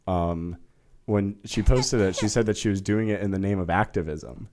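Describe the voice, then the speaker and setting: A man's voice: deep voice, normal speed, darkish tone, a little hiss or hum. A young man co-hosting a casual podcast, telling stories in a rambling way. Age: young adult. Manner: rambling storyteller, restarts and fillers. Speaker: podcast co-host. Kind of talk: casual chat.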